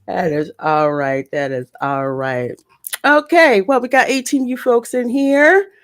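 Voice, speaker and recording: A woman's voice: medium pitch, measured pace, no room sound, studio quality. A woman hosting a casual live-stream podcast, reading out chat messages and laughing easily. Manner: animated, reads chat names aloud, laughs easily. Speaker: podcast host.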